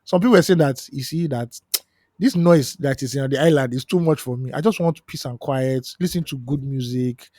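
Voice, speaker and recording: A man's voice: medium pitch, normal speed, mellow, dry recording, studio quality. A Nigerian man co-hosting a podcast in casual chat, joking and slipping into Pidgin. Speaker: podcast co-host.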